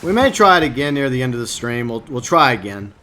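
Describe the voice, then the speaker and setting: A man's voice: medium pitch, sing-song, fast talker, bright, forceful tone, slight background noise. A man live-streaming a game, rambling casually and answering his viewers by name. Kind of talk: casual gameplay stream commentary.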